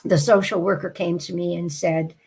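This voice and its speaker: A woman with a somewhat low voice tells a personal story as an interview guest. She sounds heartfelt and reflective, and she lets her pace slow when the story turns tender. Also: steady tone, darkish tone, husky. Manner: heartfelt, reflective, slows down for emotional moments.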